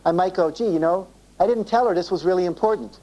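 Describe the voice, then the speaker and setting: A man's voice: high-pitched, fast talker, dark tone, lo-fi sound. A man giving a live self-esteem seminar to an audience, acting out little dialogues and asking the room questions, on an old cassette tape. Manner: acts out dialogue in quoted voices, asks the audience questions.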